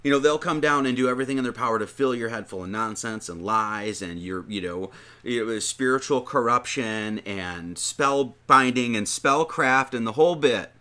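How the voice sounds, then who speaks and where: Speaking at a moderate pace in a bright, forceful mid-range voice, a man preaches an informal sermon. He reads passages of scripture and talks them over casually, with many restarts and emphatic lists.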